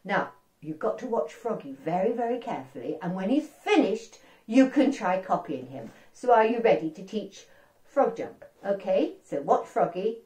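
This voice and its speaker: A woman telling a story to young children, animated and asking them questions as she goes, in a roomy echo. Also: medium pitch, moderate pace.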